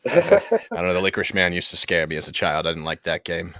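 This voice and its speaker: A man's voice: deep voice, sing-song, brisk, sharp tone, no room sound, clean studio sound. A man joking playfully in casual chat about games.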